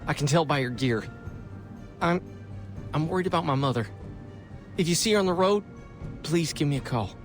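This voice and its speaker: A woman voicing a timid, worried young man who pleads in a hushed, hesitant way. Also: deep voice, expressive, moderate pace, pauses often, faint music behind, pitched below the performer's own voice. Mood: anxious.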